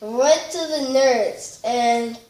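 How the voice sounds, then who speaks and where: A woman's voice: on the high side, very slow, mellow, reverberant. A woman telling a funny school story in casual chat, rambling and giggly with lots of fillers and restarts. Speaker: storytelling vlogger.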